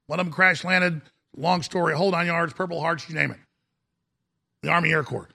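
A man's voice: fairly high pitch, steady tone, brisk, vocal fry, pushed and bright. A middle-aged man hosting a political talk show, ranting emphatically and calling his listeners folks.

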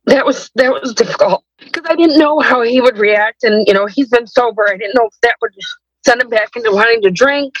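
A woman's voice: a little high, a little fast, dry recording, muffled recording. A woman telling her personal story as a guest in a podcast interview, hesitant and rambling, with many restarts.

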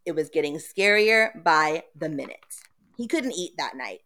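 A woman co-hosting a podcast, retelling a story in an animated, giggly way. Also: deep voice, unhurried. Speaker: podcast co-host recapping a book. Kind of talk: casual comic retelling.

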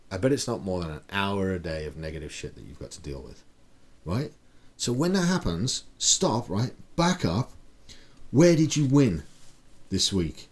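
A man's voice: on the low side, a little mellow. Profane, pep-talking male podcast host. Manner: blunt, profane, pep-talk delivery with many rhetorical questions. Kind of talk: casual motivational monologue.

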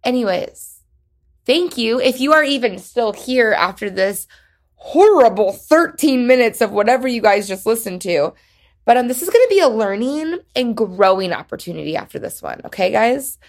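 Gravelly-voiced young woman rambling emotionally. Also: a little high, lively intonation. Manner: rambling, halting, lots of fillers. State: emotional, close to tears. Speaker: podcast host. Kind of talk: casual solo podcast chat.

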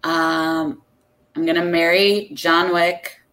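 Woman podcast guest, low voice, slow, thoughtful delivery. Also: little pitch movement, a bit bright, poor audio. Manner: unhurried, thoughtful, hesitant. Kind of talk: casual podcast chat.

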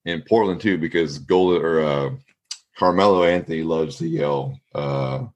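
Man, very low voice, casual sports podcast chat, rambling, filler-heavy. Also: moderate pace, muffled recording. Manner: rambling, hedging with fillers, animated when retelling.

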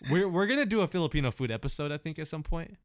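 A man co-hosting a podcast in casual, slangy chat, laid-back and quick to laugh. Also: on the high side, lively intonation, smooth, no room sound, studio quality. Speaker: podcast co-host.

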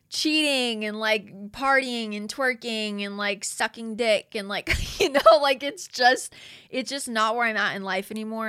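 Bright chatty Valley Girl woman. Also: medium pitch. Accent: Valley Girl Los Angeles. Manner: chatty, frequent "like" and "you guys", laughs often, swears casually. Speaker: podcast host. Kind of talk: casual solo podcast chat.

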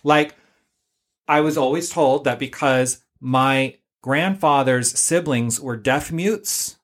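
A man talking casually on a podcast, wandering through stories with plenty of ums and likes. His voice sits at an ordinary middle pitch. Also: slow. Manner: chatty, rambling storyteller with many fillers. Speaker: podcast co-host.

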